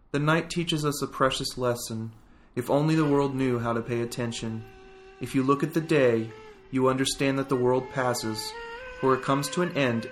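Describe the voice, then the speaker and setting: Man reading scripture, solemn, measured, flute music clear behind. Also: medium pitch, a bit bright. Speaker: liturgical reader.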